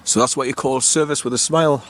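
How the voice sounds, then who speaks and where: This vlogger's voice is medium-pitched, steady and fairly bright, with a quick pace. He's an older man from the North East of England, casually chatting as he films a walking vlog outdoors by a small-town river, wandering off a bit and fixing his own words.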